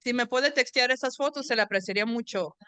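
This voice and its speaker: A joking, talkative woman hosts a book talk for students. Her voice is bright and crisp, close and dry with no room echo. She drops into Spanish now and then as she chats. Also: on the high side, racing. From US-Mexico border region. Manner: chatty, joking, mixes in Spanish. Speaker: event host and professor. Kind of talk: casual chat hosting a book event. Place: classroom or event room.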